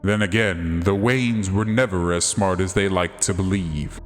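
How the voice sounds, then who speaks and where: A man voicing a menacing masked leader of a secret society, speaking slowly and condescendingly. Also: sits low, fairly even intonation, faint music behind, pitched below the performer's own voice. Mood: cold menace. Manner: slow, cold, condescending. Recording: long hall reverb.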